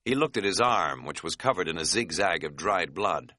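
A man reads a first-person audiobook with a wry, understated delivery. His voice is bright and his pitch moves lively. The sound is dry and close, recorded on a studio mic. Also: a little fast, hardly any pauses, no room sound. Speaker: audiobook narrator.

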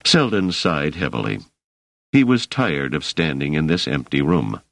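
A man narrating an audiobook in a measured, expressive storytelling manner. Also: a bass voice, vocal fry, no echo, clean studio sound. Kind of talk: scripted narration.

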